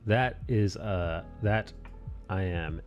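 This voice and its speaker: A man's voice: low voice, slow, highs cut off. A young man hosting a live drawing stream, chatting casually and laid-back, dropping swear words and "dude" often. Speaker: streamer host. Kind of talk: casual chat while drawing.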